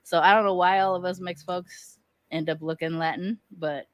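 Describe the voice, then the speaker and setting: Woman podcast host, low voice, dry close sound, chatty, wry, casual storytelling. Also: fairly even intonation, normal speed, dry recording. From US West Coast. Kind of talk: casual conversational interview.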